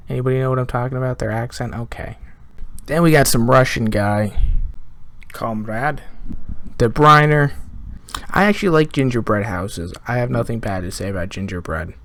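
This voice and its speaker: Gravelly-voiced man talking football. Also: medium pitch, a little fast, fairly bright tone. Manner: jokey, rambling, asks viewers questions. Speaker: football fan vlogger. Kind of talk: casual match preview monologue.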